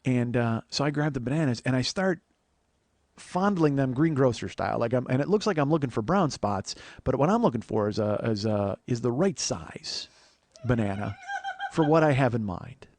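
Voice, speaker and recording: A man's voice: mid-range voice, animated, moderate pace, darkish tone, no echo. A man hosting his podcast, telling a rambling, profane, self-deprecating story with many restarts, into a close microphone. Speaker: comedian and podcast host. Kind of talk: casual solo storytelling.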